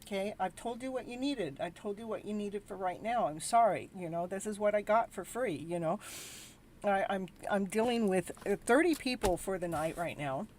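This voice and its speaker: Hosting a live tarot show, this weary woman rambles at her viewers with exasperation, frequently starting over mid-thought. Her voice is medium in pitch and a bit mellow, her pace normal, and there's a little background noise.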